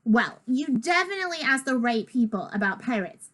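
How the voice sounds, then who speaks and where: A woman's voice: a little high, very animated, moderate pace, fairly bright tone. A woman reader voicing a bossy, teasing older sister who lectures the younger one.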